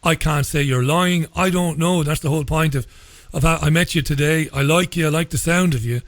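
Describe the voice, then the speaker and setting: A man hosting a radio interview, speaking in a measured way and often repeating his first words. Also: on the high side, a bit bright, no echo. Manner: measured, repeats words when starting a sentence. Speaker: radio show host.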